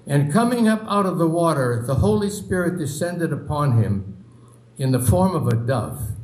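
Slow, dramatic preacher in an echoey room. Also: male voice, a little mellow. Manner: dramatic, slow, with long pauses and sinking low phrases. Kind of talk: sermon.

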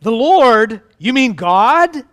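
A man voicing a panicked man clinging to a branch on a cliff, yelling and pleading for help. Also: very high voice, fast talker, clear, resonant tone, voice pushed up.

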